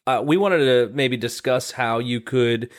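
A man's voice: medium pitch, unhurried. A man, a music teacher, in casual podcast chat. He jokes at his own expense and fills his talk with hesitant ums and restarts. He is recorded over a remote call. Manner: joking, self-deprecating, hesitant. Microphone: remote call mic.

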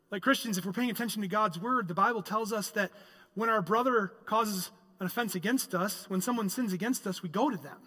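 A pastor delivering a sermon, moving between loud, emphatic stretches and quiet, reflective ones. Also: male voice, high voice, long reverb tail. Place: church sanctuary.

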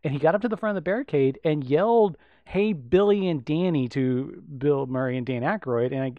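A man's voice: medium pitch, quick pace, dry recording, dull audio. Man talking films in a dry close sound. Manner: rambling with many fillers and restarts. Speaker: podcast co-host. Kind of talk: casual film discussion.

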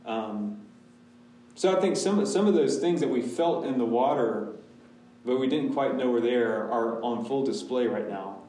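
Man, pastor, candid classroom Q&A, mid pitch, distant mic in a very reverberant room. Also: unhurried, mellow. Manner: candid, talks in restarts and asides. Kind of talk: casual Q&A with a church class.

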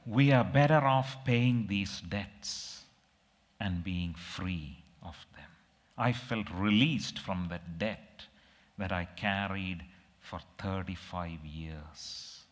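Middle-aged male preacher, slow and low, reflective and emotional, in a reverberant hall. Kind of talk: sermon with personal story.

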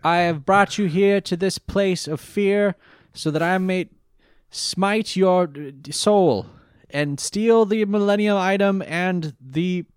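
A man's voice: sits high, takes it slowly, clean tone, dry recording, clean studio sound, voice pushed up. A man voicing a mind-controlled young man turned villain, reciting a grandiose villain speech in a hammy, raised voice. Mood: mock-grandiose.

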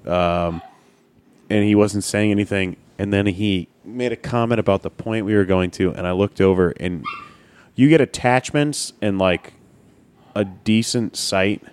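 Low-voiced man telling a gaming story. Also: measured pace, smooth. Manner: storytelling, animated, swears. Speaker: podcast co-host. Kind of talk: casual chat.

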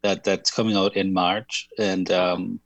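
A man co-hosting a radio talk show, chatting in a thoughtful, self-deprecating way with many halting restarts. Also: low-pitched, flat delivery, no room sound, lo-fi sound. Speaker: radio show co-host and writer. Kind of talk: casual chat.

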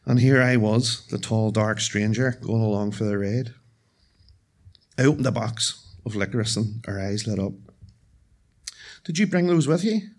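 Guy telling a story on stage, calm, wry, dark jokes. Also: fairly low pitch. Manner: wry, measured, dark humour. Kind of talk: live first-person storytelling. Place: stage at a live event.

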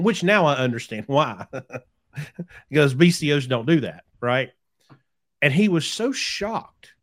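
Man telling animated trucking stories. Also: medium pitch. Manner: animated anecdote-telling, acting out quoted people. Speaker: podcast host, trucking business owner. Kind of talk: casual chat, storytelling.

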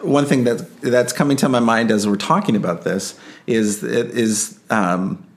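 A man's voice: medium pitch, unhurried. A man hosting a casual parenting discussion, hesitant, with many fillers and "right?" tag questions. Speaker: podcast host.

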